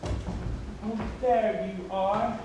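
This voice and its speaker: A woman's voice: mid-range voice, steady tone, drawn-out words, noisy background. A woman on stage playing an earnest, lovestruck young groom, with a pleading delivery. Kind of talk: stage musical acting. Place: theater stage. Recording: distant echoey stage recording with music.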